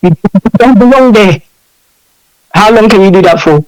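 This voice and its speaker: High-voiced, emphatic English man. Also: normal speed, rough recording. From United Kingdom. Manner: emphatic, repeats points, animated. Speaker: interview guest. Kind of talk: impassioned interview talk.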